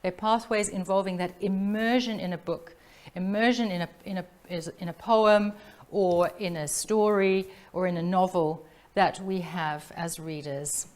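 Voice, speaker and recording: A middle-aged woman from South Africa giving an academic lecture on literature, measured and reflective, pausing to restart her phrases. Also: on the low side, fairly even intonation. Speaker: literature professor giving a talk.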